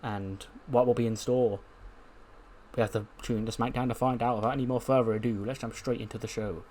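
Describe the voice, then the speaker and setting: A man's voice: mid-range voice, steady tone, a little fast, a little mellow, slight background noise. A young man casually narrating a game playthrough in a rambling, offhand way, swearing now and then. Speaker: let's-play narrator.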